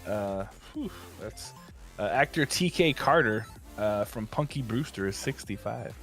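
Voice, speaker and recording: A man co-hosting a gaming morning show with dry, deadpan jokes. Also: lowish voice, unhurried, soft background music. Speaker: co-host. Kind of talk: casual radio chat.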